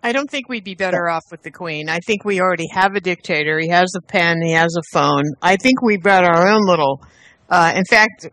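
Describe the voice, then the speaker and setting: A woman's voice: fairly low pitch, a little fast, fairly bright tone. A woman giving firm opinions on a casual online radio talk show.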